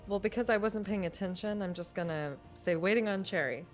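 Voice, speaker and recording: Woman, esports color commentary, teasing, playful, mid pitch, faint music behind. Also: a little fast. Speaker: esports co-caster. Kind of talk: live game commentary.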